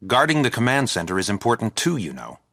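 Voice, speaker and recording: An actor playing a steady, dutiful male soldier with a firm, low-key manner in a game. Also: fast talker, vocal fry, exaggerated voice.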